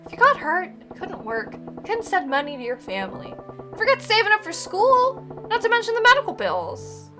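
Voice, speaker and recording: A woman's voice: very high-pitched, wildly swooping pitch, moderate pace, music in the background, pitched above the performer's own voice, exaggerated voice. A woman reading the lines of a brash, protective male yakuza boss in a blunt, scolding, streetwise way. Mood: gruff, caring.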